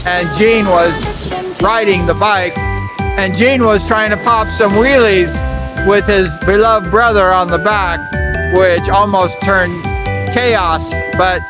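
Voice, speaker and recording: A man's voice: high-pitched, fairly even intonation, slow, poor audio. A man narrating a casual tribute, repeating his admiring praise. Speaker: channel host and narrator. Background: music.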